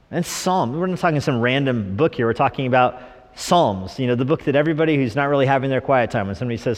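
A middle-aged man preaches from the front of a church sanctuary, mixing scripture with wry, animated humor and quick put-on voices. His voice sits at an ordinary pitch for a man. The sound carries a long reverb from the hall around him. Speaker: pastor. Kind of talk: sermon.

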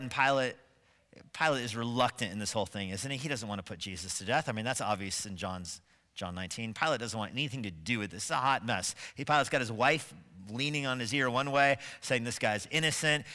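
Emphatic pastor with a bright voice. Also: male voice, mid-range voice, fairly quick, big-room sound. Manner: emphatic, building to forceful stresses; asks rhetorical questions of the congregation. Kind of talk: sermon. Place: church sanctuary.

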